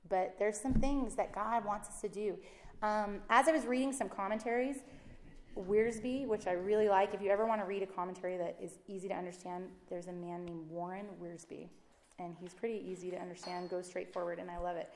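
A woman teaches from the Bible in a relaxed, conversational way, slipping into quick acted voices for the people she quotes. Her voice sits at an ordinary middle pitch. The room around her gives a noticeable echo. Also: slight background noise. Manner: chatty and animated, acts out quotes with rising pitch. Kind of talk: casual devotional teaching.

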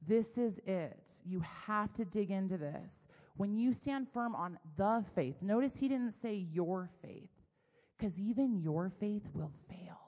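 A woman in her thirties from the United States giving a sermon, telling candid, self-deprecating stories in an animated way. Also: mid-range voice, unhurried, few pauses, long reverb tail. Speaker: women's Bible teacher. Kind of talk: personal storytelling sermon.

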